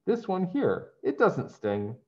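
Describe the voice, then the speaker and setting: A man's voice: sits high, wildly swooping pitch, slow, voice pushed up, heavily acted. Man doing a patient schoolteacher lady. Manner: gentle and patient. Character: kind patient female schoolteacher. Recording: dull lo-fi sound.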